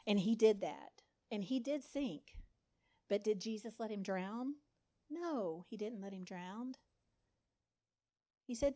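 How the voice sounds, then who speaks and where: A woman's voice: medium pitch, slow pace, dark tone. A woman giving a conversational sermon, acting out the lines of the people in the story. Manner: conversational, dramatizes quotes with voices. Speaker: speaker.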